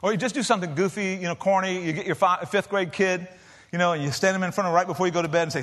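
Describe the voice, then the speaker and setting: A middle-aged man preaching a sermon to a large church, folksy and lively, swinging between loud emphasis and soft hushed lines. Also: high voice, racing. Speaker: pastor.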